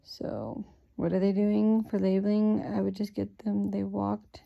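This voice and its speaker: A sleepy woman reading a picture book aloud and explaining how to use it to prompt children, thinking aloud with fillers in a relaxed way. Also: mid-range voice, measured pace, vocal fry, muffled recording. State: sleepy, yawning.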